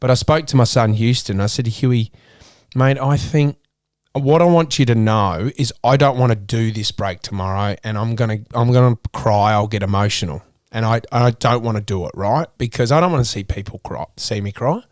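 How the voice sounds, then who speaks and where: A man's voice: medium pitch, normal speed, a little mellow, dry recording, clean studio sound. An Australian man in his thirties talking candidly and earnestly as an interview guest, often restarting his sentences. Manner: earnest, emotional, with many restarts.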